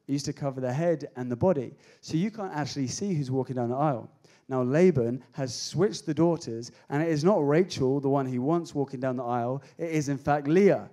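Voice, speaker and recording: An energetic pastor jokes his way through a youth sermon, often calling out to the crowd. His voice sits fairly high, with a mellow, warm tone. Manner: energetic, jokey, calls out to the crowd.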